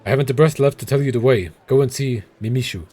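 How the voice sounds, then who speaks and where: A man's voice: mid-range voice, fast talker, warm tone, lightly acted. A man voicing a weary, out-of-breath man in a game, gasping and dramatic as he pleads. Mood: exhausted.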